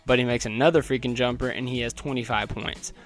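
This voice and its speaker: A man's voice: fairly even intonation, fast. Chatty man recapping a basketball game. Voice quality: not a deep voice. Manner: chatty, wry, laughs at his own notes. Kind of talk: casual game recap from notes.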